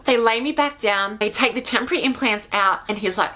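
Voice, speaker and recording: An Australian woman telling a personal story to camera in a chatty, animated way, filling her speech with "like" and swearing freely. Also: on the high side, fast talker, hardly any pauses. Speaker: vlogger. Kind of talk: casual storytime.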